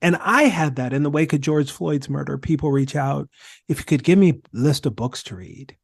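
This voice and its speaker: A man speaking as a podcast guest, telling stories in an emphatic, animated way. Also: a little high, moderate pace, creaky, slightly rough, no room sound, clean studio sound. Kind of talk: conversational discussion.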